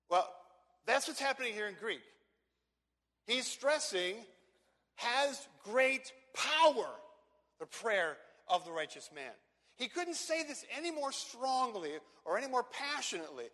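A man with a high-pitched voice delivers an expository sermon in a church sanctuary. He is emphatic, repeats words, and slows down to stress key phrases. A long hall reverb trails every phrase. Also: sharp tone. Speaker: pastor.

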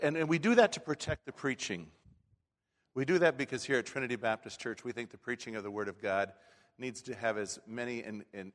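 A man's voice: mid-range voice, fairly bright tone. A man preaching a sermon as a pastor in a church, talking in a folksy, conversational way with frequent restarts. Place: church sanctuary. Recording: long hall reverb.

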